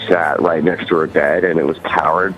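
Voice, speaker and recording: A man's voice: low voice, level tone, moderate pace, muffled recording, faint music behind. A man with a Californian accent, a musician guest chatting loosely in an interview, rambling and full of fillers. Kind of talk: casual interview chat.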